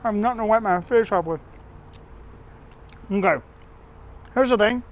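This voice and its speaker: A man's voice: high voice, moderate pace, highs cut off. A man hosting a casual home cooking video, chatting to viewers in a rambling, self-correcting way. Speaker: home cook and channel host.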